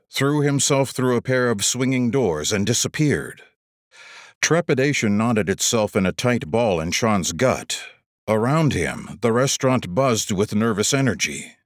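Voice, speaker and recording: A man narrating an audiobook in a measured, expressive storytelling manner. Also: on the low side, no echo, clean studio sound.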